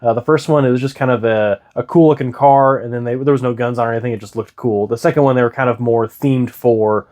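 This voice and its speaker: A man co-hosts a relaxed video game discussion, talking quickly in a mid-range voice. He chimes in with short, opinionated takes. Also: medium pitch. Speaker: co-host.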